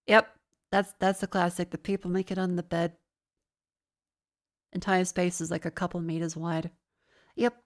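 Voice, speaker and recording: A woman's voice: fairly low pitch, level tone, moderate pace, long pauses. A woman streaming in casual, sweary chat, with a sinus infection. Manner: casual and sweary, laughs often.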